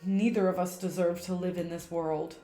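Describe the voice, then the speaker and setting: A woman voicing a gentle, guilt-ridden teenage girl ghost from a game, in soft, confessional tones. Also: lowish voice, flat delivery, normal speed, echoey room, soft background music, natural voice. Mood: sorrowful. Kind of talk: reading game dialogue aloud on stream.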